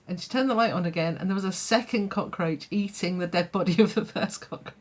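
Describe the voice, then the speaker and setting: A woman's voice: fairly low pitch, fast. Chatty woman telling a story. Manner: chatty, laughs often, many fillers. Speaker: vlogger. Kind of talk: storytime vlog.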